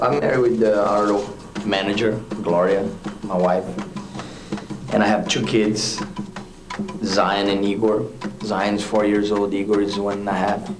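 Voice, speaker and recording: Deep-voiced man, frank and loose. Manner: loose, frank, with many fillers. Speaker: touring metal musician. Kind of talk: casual documentary interview. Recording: roomy echo with music behind.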